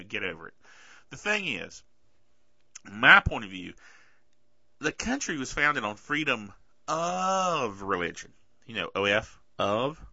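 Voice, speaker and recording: A man hosting a podcast in a casual, sarcastic tech-news chat, bothered by a sore throat and clearing it often. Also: medium pitch, bright, forceful tone, dry recording. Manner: chatty, sarcastic, keeps asking "okay?". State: throat trouble, keeps clearing his throat. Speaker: podcast host. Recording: dull lo-fi dry recording.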